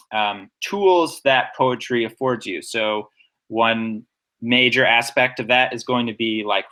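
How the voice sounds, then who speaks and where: A man's voice: mid-range voice, a bit bright. A young man co-hosting a casual poetry podcast, explaining poems in an enthusiastic, nerdy way. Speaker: podcast co-host.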